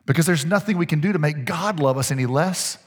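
Energetic preacher with a high voice in an echoing hall. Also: male voice, quick pace, breathy edge. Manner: energetic, coaxing the congregation with repeated phrases. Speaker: pastor. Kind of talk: sermon. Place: church hall. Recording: echoey church hall with long reverb.

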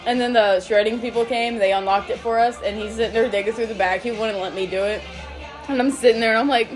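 A woman's voice: on the high side, fairly even intonation, fast talker, faint music behind. A young woman hosting a casual podcast, telling stories animatedly with frequent swearing and laughter. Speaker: podcast host. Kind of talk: casual chat.

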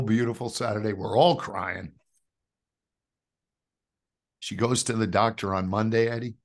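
A man, telling a personal faith story as a guest, jumping from loud outbursts to hushed asides. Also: fairly low pitch. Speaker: guest giving a faith testimony. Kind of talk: animated storytelling.

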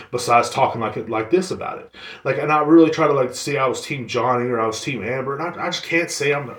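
Podcast host, young man, mid-pitched voice, sarcastic cursing rant, roomy echo. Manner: swearing, sarcastic, mocks others in put-on voices. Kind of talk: casual ranting monologue. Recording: echoey room.

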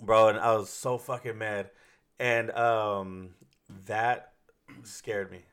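A man's voice: lowish voice, fairly even intonation, takes it slowly, a bit bright, clean tone. A man telling a long story in casual chat, rambling and swearing, with many fillers and restarts.

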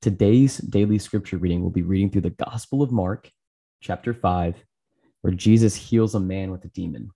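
A man hosting a channel, reading a Bible chapter aloud in a steady, earnest way with small slips. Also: low voice, normal speed, vocal fry, breathy edge. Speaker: scripture reader, channel host.

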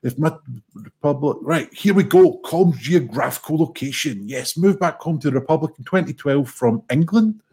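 A man's voice: fairly high pitch, expressive, normal speed, darkish tone, husky. A man, co-hosting a livestream, chatting casually with jokey, sweary, rambling banter. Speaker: livestream co-host. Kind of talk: casual stream chat.

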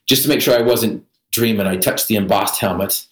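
Guest storyteller: a man with a slightly low voice, wry and vivid, recorded in a reverberant room. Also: a little fast. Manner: vivid storyteller with self-deprecating humor. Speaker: podcast guest. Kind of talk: personal storytelling in an interview.

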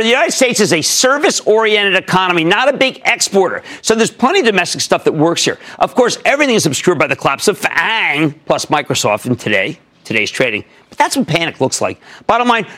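Guy hosting a stock market tv show, super punchy, voice jumping all over, kinda high. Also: sing-song, fast talker. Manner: emphatic, punchy, swings between shouts and mutters. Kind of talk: animated market commentary.

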